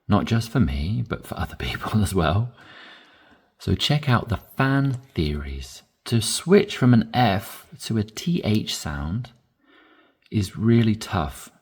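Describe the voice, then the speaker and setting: A man teaching English conversation, modeling phrases slowly with deliberately stressed inflection. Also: on the low side, sing-song, husky. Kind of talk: language lesson, reading dialogue aloud.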